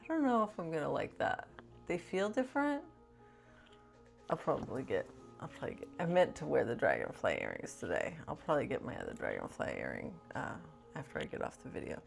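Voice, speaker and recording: A woman's voice: a bass voice, huge pitch swings, a little fast, creaky, soft background music. A woman vlogger chatting casually to camera in a rambling way, with lots of "like" fillers.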